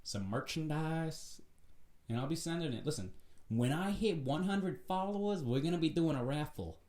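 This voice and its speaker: A man hosting his own vlog, delivering a profane, animated rant in a casual, preachy way. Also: a little high, moderate pace. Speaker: vlog host. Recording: roomy echo.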